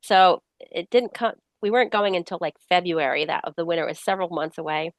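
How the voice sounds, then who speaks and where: A woman's voice: lowish voice, fast talker, no room sound. Middle-aged woman with a slight cold. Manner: lively storyteller who acts out quoted dialogue. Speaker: author guest. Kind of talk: casual interview storytelling.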